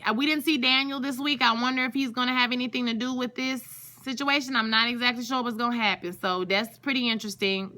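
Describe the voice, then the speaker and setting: A woman talks through a TV episode in a loose, chatty vlog. Her voice sits a little high and rings bright and forceful. She gushes freely and keeps turning to her viewers. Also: fairly even intonation, fast, few pauses. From Louisiana. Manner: chatty and gushing, often calls out to viewers. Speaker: TV show reviewer. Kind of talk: casual recap vlog.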